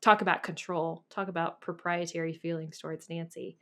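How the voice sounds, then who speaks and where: A woman co-hosting a casual chat podcast. She talks in an animated way, laughs often, and drops from loud bursts to quiet asides. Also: lowish voice, fairly quick. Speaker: podcast co-host.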